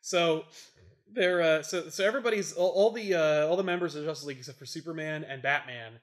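A man's voice: fairly high pitch, brisk. A young adult man casually recapping a comic book story, rambling with fillers. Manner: rambling, lots of fillers and voices. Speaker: podcast host retelling a comic. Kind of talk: casual chat.

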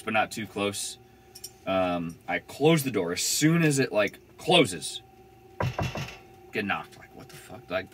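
A man's voice: on the low side, a bit bright, slight background noise. A young man telling a van-life story in a casual, rambling way, full of fillers and swearing. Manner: rambling, laid-back, swears freely, many "like" fillers.

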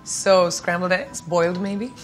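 A woman's voice: on the low side, measured pace. Guest: playful, laughing woman in her thirties from India, faint music behind. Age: 30s. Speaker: celebrity guest. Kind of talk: quick-fire interview answers. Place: indoors at home.

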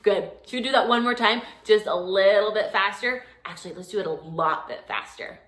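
A young woman leading children's singing time, speaking gently and encouragingly between songs. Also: medium pitch, animated, fairly quick. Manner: gentle, encouraging, sings along. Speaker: children's music leader.

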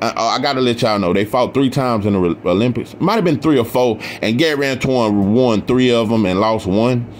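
A man's voice: mid-range voice, slight background noise. A man hosting his own boxing channel, giving passionate, emphatic casual commentary and repeating his points for emphasis.

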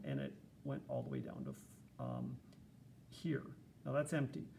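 Guy with a gravelly voice walking you thru a lesson, chatty, bit of faint hiss behind. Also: mid-range voice, darkish tone. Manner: casual, chatty explaining with fillers. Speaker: teacher. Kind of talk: screencast lesson.

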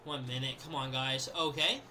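A young man giving live commentary over his own gameplay, chatting casually and then yelling and laughing at big plays. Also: medium pitch, moderate pace, slight background noise. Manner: excitable, yells and laughs at plays. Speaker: gaming video creator.

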